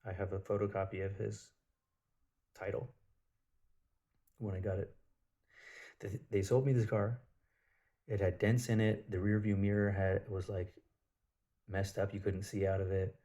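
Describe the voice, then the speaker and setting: A man's voice: lowish voice, flat delivery, a little slow, long pauses, dark tone. A man telling a personal story in a casual spiritual monologue, blunt and profane, with lots of filler words.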